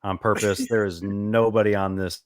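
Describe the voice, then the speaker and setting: A man's voice: on the low side, little pitch movement, normal speed, clear, resonant tone, no room sound, studio quality. A man guesting on a casual podcast, arguing his point earnestly and with enthusiasm. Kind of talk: casual banter among friends.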